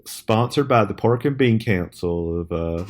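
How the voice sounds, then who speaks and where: A man's voice: fairly low pitch, expressive, unhurried. A man co-hosting a podcast, improvising comedy in a put-on folksy drawl full of rambling stammers. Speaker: podcast co-host.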